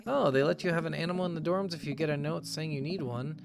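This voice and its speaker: A man's voice: a little high, fast talker, gravelly, over music. A man voicing a bubbly teenage girl. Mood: excited. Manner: bubbly and excited. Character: eager teenage girl heading to college.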